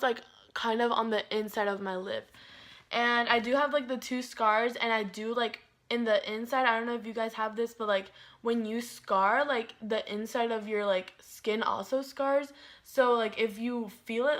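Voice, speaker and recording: Chatty young woman vlogger, slightly high voice. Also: a bit bright. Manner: chatty, fillers of like, quoting herself dramatically. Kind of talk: casual storytime.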